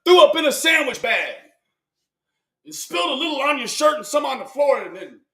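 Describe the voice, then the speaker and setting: A man delivering a mocking roast, shouting his punchlines and cackling between jokes. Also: extremely high pitch, very animated, brisk, creaky. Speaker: roast commentator. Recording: echoey room, far from mic.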